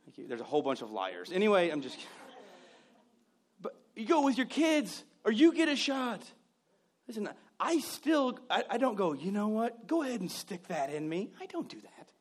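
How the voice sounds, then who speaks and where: A man preaching a sermon, joking with the congregation and acting out scenes, swinging from loud outbursts to hushed asides. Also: high-pitched, moderate pace. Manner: animated and joking, acts out scenes. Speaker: pastor.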